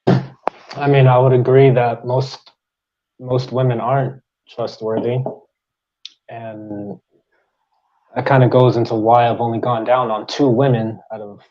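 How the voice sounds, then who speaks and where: A man's voice: medium pitch, fairly even intonation, measured pace, pauses often, highs cut off. A man joining a live stream as a guest, talking casually and hesitantly with many fillers. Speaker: guest caller. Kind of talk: casual chat.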